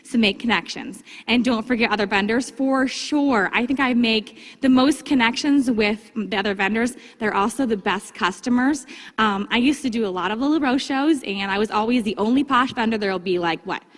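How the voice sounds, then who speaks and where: Woman, fairly high voice, upbeat team training talk, echoing hall. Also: normal speed. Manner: upbeat, acts out customer chats in a higher voice. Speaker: direct sales consultant giving vendor training. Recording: long hall reverb.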